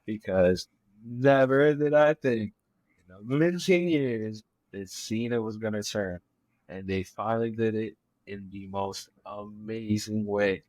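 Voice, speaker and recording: A man joining a podcast as a guest, talking in a measured, enthusiastic way with many fillers. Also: lowish voice, steady tone, a little mellow, no echo. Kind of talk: casual chat.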